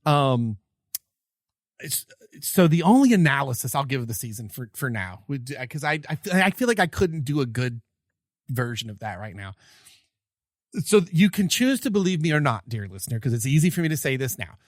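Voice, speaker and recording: A man co-hosting a podcast chats casually, retelling stories in a rambling way with many fillers and laughing as he goes. His medium-pitched voice is sing-song at a normal speed, captured in a dry, studio-quality recording.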